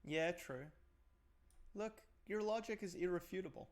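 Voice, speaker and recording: A woman's voice: lowish voice, moderate pace, darkish tone. An Australian woman co-hosting a stream, cracking dry jokes and muttering to herself as she works. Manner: dry jokes, muttering while working on screen. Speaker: stream co-host. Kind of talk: casual chat.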